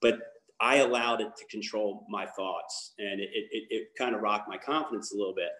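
A man's voice: on the low side, moderate pace, a bit bright, reverberant. A man from Baltimore giving a candid personal testimony as a guest speaker, talking in a rambling way with many fillers and restarts. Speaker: guest speaker, lacrosse coach.

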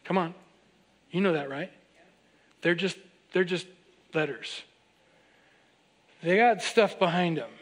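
A man preaching a sermon as pastor, in a conversational and animated way, speaking straight to his congregation with repeated direct questions. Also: high-pitched, slow, long pauses. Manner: acts out quoted voices of others.

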